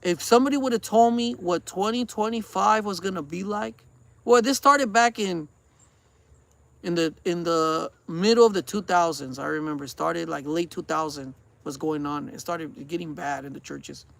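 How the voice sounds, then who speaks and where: A man's voice: sits high, moderate pace, gravelly, a bit bright. A man in his forties chatting earnestly in a vlog, rambling and preachy, often repeating himself. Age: 40s. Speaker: vlogger. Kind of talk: casual rambling chat.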